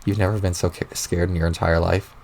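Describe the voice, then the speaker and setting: A man doing a gravelly, menacing troll clown. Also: flat delivery, a little mellow, slight background noise. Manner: slow, lowered, sinister drawl. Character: menacing unhinged male troll clown, drawling. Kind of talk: reading a webcomic aloud on stream.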